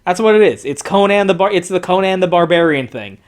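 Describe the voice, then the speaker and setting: A man giving a profane, sarcastic commentary while reading from comic panels. He swings between excited outbursts and mocking lows. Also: fairly quick, music in the background. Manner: sarcastic, profanity-laden ranting. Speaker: comic book reviewer.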